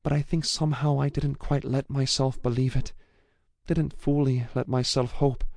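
A man's voice: medium pitch, flat delivery, normal speed, creaky, a little mellow, no echo, studio quality, voice pushed up, natural voice. A man voicing an emotional young woman in an audiobook, her words choked and watery as she holds back sobs. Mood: tearful. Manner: tearful, choked, breaking with held-back sobs. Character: young woman, emotional, fierce, loyal friend. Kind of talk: audiobook character voice.

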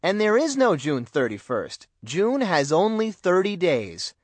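A man narrating a children's mystery storybook in an expressive, animated reading. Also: high voice, measured pace, dry recording. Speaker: audiobook narrator.

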